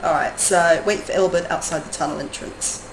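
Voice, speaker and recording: A woman's voice: fairly low pitch, normal speed. Chatty woman streamer laughing often. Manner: chatty, laughs often, drifts from soft to lively. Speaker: streamer and adult-education teacher. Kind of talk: casual live-stream chat. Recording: roomy echo, faint background noise.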